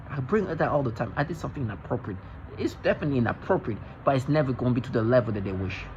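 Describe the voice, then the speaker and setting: A man's voice: mid-range voice, darkish tone, slight background noise. Male vlogger, agitated and intense, keeps restarting sentences; muffled lo-fi sound. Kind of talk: rambling monologue to camera.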